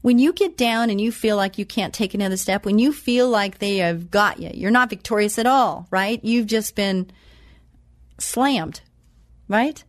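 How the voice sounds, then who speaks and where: A woman giving a motivational talk. She quotes scripture slowly and with emphasis, then chats about her own life. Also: medium pitch, no room sound, studio quality. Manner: chatty and personal, tells anecdotes. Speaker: self-empowerment speaker.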